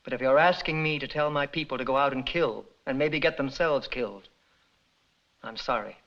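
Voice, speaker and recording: An actor playing a troubled parson speaking softly and haltingly, apologetic, on an old lo-fi film soundtrack. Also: male voice, medium pitch, lightly acted. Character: troubled hesitant male parson.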